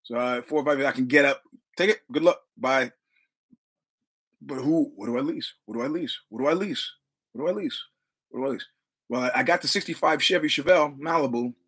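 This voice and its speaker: A man's voice: medium pitch, brisk, long pauses, a bit bright, husky. Man, podcast host, casual storytelling, profane, repetitive, punchy.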